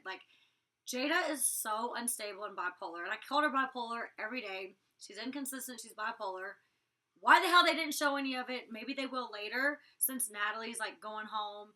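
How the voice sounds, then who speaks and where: A young woman with a bright, fairly high voice rattles through a casual episode recap. She packs her talk with "like" fillers and swears bluntly. Her voice sits a little distant from the mic. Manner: chatty, fast storytelling full of "like" fillers. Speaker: reality show cast member reviewing an episode.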